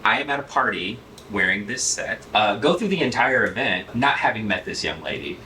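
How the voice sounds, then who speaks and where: A man talks through his wardrobe in an animated, storytelling way, laughing as he goes. His voice swings up and down a lot, and it sounds roomy and a bit distant, as if picked up from across a closet. A faint hiss sits under it. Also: fairly low pitch, a little fast. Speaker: closet tour guest. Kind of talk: casual chat. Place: home closet, echoey room.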